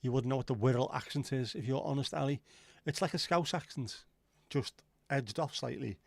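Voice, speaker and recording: A man's voice: medium pitch, moderate pace, gravelly, no echo. A man hosting a livestream, rambling and joking as he chats with viewers and swears casually. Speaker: livestream host. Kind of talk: casual chat reading viewer comments.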